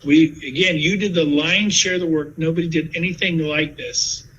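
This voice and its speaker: A man in his fifties giving a sales pitch to fellow real estate agents, telling stories with lively asides. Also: moderate pace, husky, highs cut off. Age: 50s.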